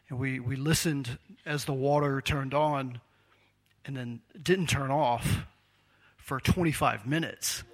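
Storytelling male preacher, slightly high voice. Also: a bit bright. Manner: conversational storytelling with acted quotes. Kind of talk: sermon.

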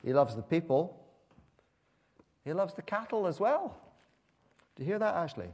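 A man's voice: fairly high pitch, sing-song, moderate pace, a little mellow. A man preaching a sermon in a conversational, emphatic storytelling manner.

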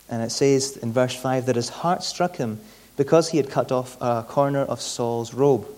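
A man's voice: mid-range voice, darkish tone. Guy giving a sermon, chatty, keeps tripping over and repeating his words. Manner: conversational, often repeats words mid-sentence. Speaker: preacher.

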